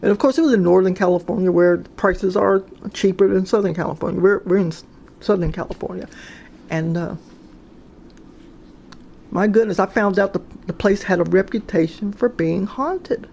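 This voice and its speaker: Woman, mid-pitched and gravelly, casual rambling storyteller, lots of restarts. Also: moderate pace, dark tone, a little hiss or hum. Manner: rambling, hesitant, many restarts and fillers. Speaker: storyteller sharing paranormal experiences.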